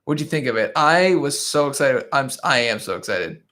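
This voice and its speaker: Man livestream host, casual chat, laughs a lot, restarts sentences, mid-pitched voice. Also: expressive, brisk, bright, forceful tone. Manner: chatty, laughs often, trails off and restarts. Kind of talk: casual live chat reading viewer comments. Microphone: desk microphone.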